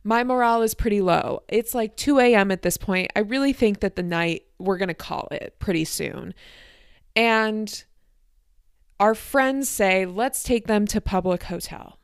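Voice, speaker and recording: A young woman hosting her podcast, telling a night-out story in a chatty, animated way and acting out what people said. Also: mid-range voice, clear, resonant tone, dry recording, studio quality. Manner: animated, chatty, acts out quotes. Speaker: podcast host. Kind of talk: casual storytelling.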